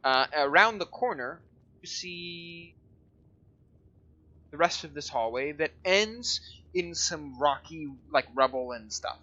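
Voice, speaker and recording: A man's voice: fairly high pitch, expressive, slow, sharp tone, lo-fi sound. A man running a tabletop game as dungeon master, describing scenes in a rambling, hesitant way with many fillers.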